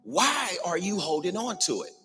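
A man's voice: high-pitched, sing-song, normal speed. A man preaching a sermon in a church, passionately driving his points home and repeating phrases for emphasis. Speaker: pastor. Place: church sanctuary. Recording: long reverb in a large hall, faint music behind.

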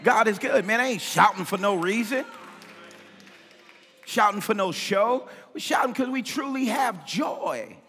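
A man preaching a sermon as pastor, impassioned, swinging between shouts and sing-song cadences. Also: high-pitched, animated, unhurried, long reverb tail. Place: church sanctuary.

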